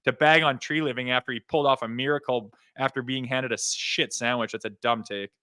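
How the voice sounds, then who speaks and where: A man's voice: mid-range voice, steady tone, a little fast, sharp tone, dry recording. A man co-hosting a hockey podcast, ranting in a fired-up way and swearing freely. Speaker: podcast co-host. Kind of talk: heated hockey talk.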